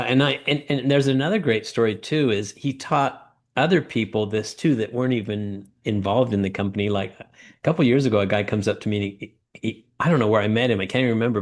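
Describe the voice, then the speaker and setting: Animated middle-aged man telling stories. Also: on the low side, fast. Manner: animated storyteller acting out quoted voices. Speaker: guest, former ladder company owner. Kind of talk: storytelling interview talk.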